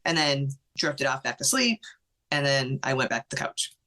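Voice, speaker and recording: A middle-aged woman, a podcast guest, tells a personal story in an animated way, acting out what others said, with many "like" fillers. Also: rumbling low, normal speed.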